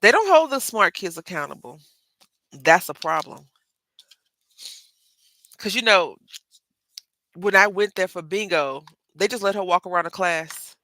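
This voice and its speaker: Lively Southern woman, gravelly and bright. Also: lowish voice, unhurried, long pauses, no room sound. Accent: Southern US, Texas. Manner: chatty, rambling asides, says "y'all" often. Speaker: craft livestream host. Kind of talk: casual live craft tutorial.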